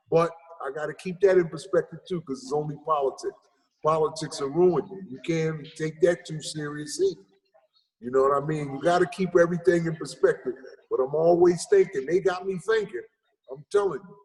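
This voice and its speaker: A man's voice: on the high side, a little mellow. Emphatic man, reverberant sound. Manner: emphatic, addresses others as "brother". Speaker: show guest. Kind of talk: casual opinionated talk.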